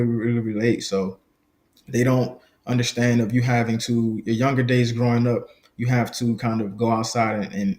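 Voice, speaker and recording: Man in his twenties, lowish voice, from a small Southern country town, reflective, filler-heavy. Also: darkish tone. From small country town in the Gullah Geechee region, US South. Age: 20s. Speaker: guest. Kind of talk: casual interview conversation.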